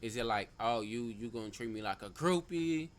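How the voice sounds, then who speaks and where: A man's voice: medium pitch, lively intonation, normal speed, slight background noise. A man hosting a stream, reacting to a clip with emphatic, profane commentary that repeats phrases for stress.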